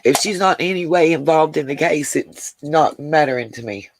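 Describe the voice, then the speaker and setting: A woman's voice: low-pitched, moderate pace, a little hiss or hum. A woman hosting a casual livestream, talking to viewers by name and getting emotional. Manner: talks to chat viewers by name, Southern "y'all". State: emotional, close to tears. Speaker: livestream host.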